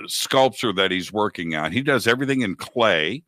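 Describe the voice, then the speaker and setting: A man in his sixties hosting a talk show, telling a story in a lively conversational way and acting out the people he quotes. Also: lowish voice, normal speed, dry recording. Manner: animated, acts out quoted dialogue. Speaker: radio show host.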